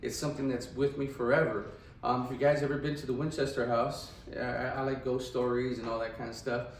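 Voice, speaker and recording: A man's voice: mid-range voice, level tone, fairly quick, roomy sound, recorded from a distance, a little hiss or hum, low-quality recording. A man teaching radiography in a casual lecture style, often checking in with "right?". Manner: chatty, asks "right?" often. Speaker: radiography instructor.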